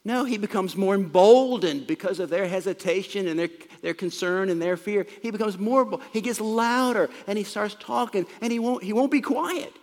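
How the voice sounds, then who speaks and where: A man's voice: high voice, moderate pace, few pauses, in a large hall. A man preaching a sermon, explaining scripture in a plain, conversational way.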